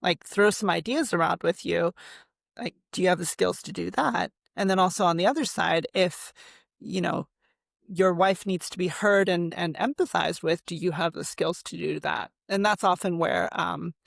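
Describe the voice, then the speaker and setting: A woman's voice: fairly low pitch, normal speed, vocal fry, no echo, clean studio sound. A woman as a therapist guest on a podcast, explaining with fillers and rhetorical questions. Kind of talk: conversational explaining.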